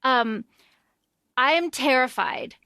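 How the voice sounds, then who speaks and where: A woman's voice: sits high, expressive, slow, pushed and bright, clear, resonant tone, no room sound, studio quality. A woman podcast host chatting casually and gushing enthusiastically about a book.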